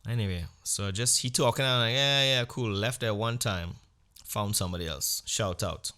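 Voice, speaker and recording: A man telling crude comic stories as a podcast host, acting out exchanges with sudden jumps in pitch and volume. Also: moderate pace, pushed and bright. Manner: blunt and crude. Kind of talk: comic storytelling monologue.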